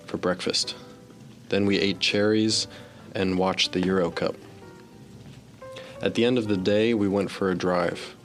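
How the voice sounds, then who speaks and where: A man in his thirties reading a personal story in a relaxed, amused way. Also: low voice. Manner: relaxed, amused, slips into laughter. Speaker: guest storyteller.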